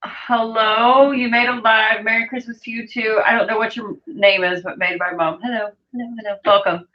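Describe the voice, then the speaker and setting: A woman's voice: on the high side, steady tone, moderate pace, highs cut off. A woman hosting a sewing livestream, chatting casually and reading viewer comments aloud as she works.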